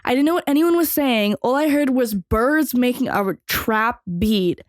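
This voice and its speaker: A woman's voice: on the high side, unhurried, no echo. Young woman rambling through a story, dry sound. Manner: rambling, filler-heavy, swearing freely. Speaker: podcast host. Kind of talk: casual storytelling.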